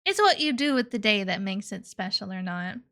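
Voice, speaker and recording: With big pitch swings and a slightly bright, medium-pitched voice, a young woman streams live as a VTuber, talking a little fast. She banters playfully with chat, giggles, and drifts into baby talk.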